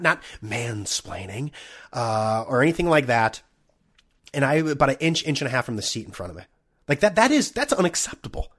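A man holds forth alone on his podcast in a loose, swearing comedic rant. He stammers and restarts often but keeps barrelling forward. His voice sits at an everyday middle pitch for a man. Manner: profane, ranting, many restarts and stammers. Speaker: podcast host.

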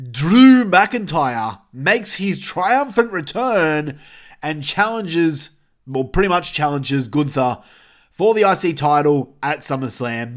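Blunt, cursing male podcast host. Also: a little high. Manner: blunt, profane, rambling. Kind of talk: casual wrestling review.

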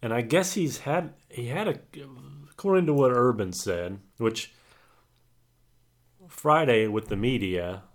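A man's voice: medium pitch, lively intonation, unhurried, long pauses. A man co-hosting a podcast, talking sports in a rambling, hesitant way with many fillers. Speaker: podcast co-host. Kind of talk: casual sports chat.

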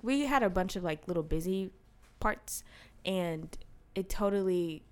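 A woman's voice: on the low side, measured pace, clean tone. Young woman, co-host, chatty storyteller who laughs often. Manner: storytelling, laughs often, lively quoted voices. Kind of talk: casual chat.

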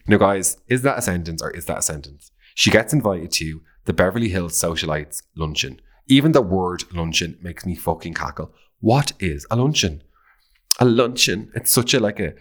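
An Irish man with a low voice hosts a pop-culture podcast. He talks in a camp, gossipy way, swears freely and gushes over celebrities. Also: a bit bright. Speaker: podcast host. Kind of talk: casual pop-culture chat.

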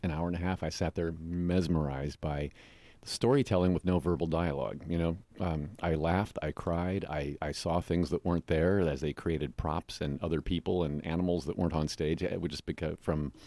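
A middle-aged American man with a very low, deep voice tells stories in a relaxed interview. He talks in an animated way and jumps into other voices when he quotes people. The sound is dry and close. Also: moderate pace, dry recording. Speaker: guest, actor and mime. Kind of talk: casual interview storytelling.

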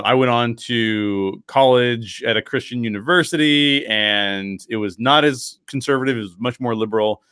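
Male podcast host in his thirties, mid pitch, dry close sound, animated storyteller acting out quotes. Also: clear, resonant tone, dry recording.

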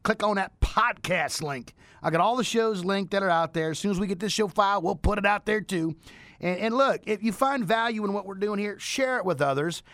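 A man hosting a radio show, wrapping up with energetic, motivational promotion. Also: high-pitched, no room sound. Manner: energetic, preachy motivational delivery.

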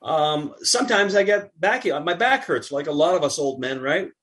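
A middle-aged man, a podcast guest, chatting casually and telling an animated anecdote while acting out what others said. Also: a little high, moderate pace. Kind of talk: casual chat, storytelling.

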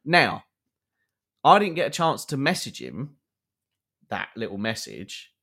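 A man's voice: mid-range voice, wildly swooping pitch, a little slow, creaky, pushed and bright. A young man, a podcast co-host, telling a long anecdote with lots of fillers and acted-out quotes. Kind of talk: storytelling to a co-host.

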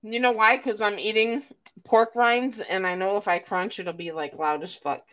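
A woman in her forties hosting a casual live chat, blunt and profane and quick to laugh. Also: medium pitch, steady tone, fairly bright tone. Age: 40s.

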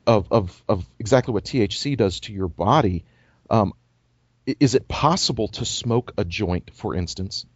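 Lively, low-voiced joking male co-host. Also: moderate pace, husky, dry recording. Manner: emphatic, joking, many restarts. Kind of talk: podcast panel discussion. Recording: dull, dry lo-fi podcast audio.

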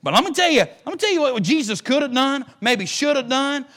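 High-voiced preacher man. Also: sing-song, fairly quick, sharp tone. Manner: fervent, repetitive preaching with rising emphasis. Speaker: pastor. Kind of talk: sermon.

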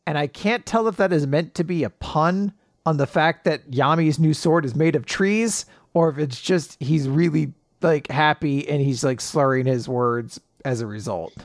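Male podcast co-host, animated recap delivery, lively pitch swings, dry close mic. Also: no room sound. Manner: animated retelling, puts on quick character voices. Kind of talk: casual chat recapping manga chapters.

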